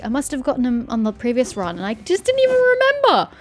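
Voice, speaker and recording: A woman's voice: high-pitched, fairly quick, hardly any pauses, soft background music. A young woman commentating animatedly while playing a video game, reacting with surprise and laughter. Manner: animated, swears and laughs at the story. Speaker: game streamer. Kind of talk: let's play commentary.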